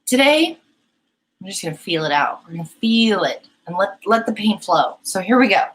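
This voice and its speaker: A woman's voice: mid-range voice, expressive, moderate pace, slight background noise, rough recording. A young woman hosting a painting live stream, chatting casually and giggling as she talks to her chat. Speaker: painting livestream host.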